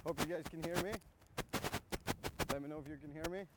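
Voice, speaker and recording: A man's voice: fairly high pitch, fairly even intonation, a little fast, heavy background noise. A man with a Swedish accent hosting a casual live fishing stream from a boat, chatting with viewers and asking his guest questions. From Sweden. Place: on a boat at sea, outdoors.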